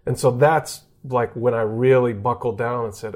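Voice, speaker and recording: A man's voice: mid-range voice, moderate pace, few pauses. A man from Texas who works as a sportscaster, telling stories in a podcast interview and acting out the voices of people he quotes. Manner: animated, acts out quoted voices. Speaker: guest sportscaster. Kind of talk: casual storytelling interview.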